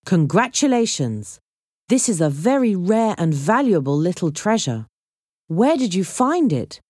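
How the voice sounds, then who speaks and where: A woman narrator voicing a calm older man, a museum director in a storybook, speaking in a measured, kindly way. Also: lowish voice, dry recording, studio quality.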